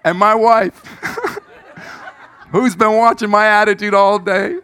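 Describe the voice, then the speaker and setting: A middle-aged man preaching a sermon in church, telling a personal story with big swings from shouts to hushed asides, his throat a little squeaky. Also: steady tone, slow, smooth. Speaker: pastor.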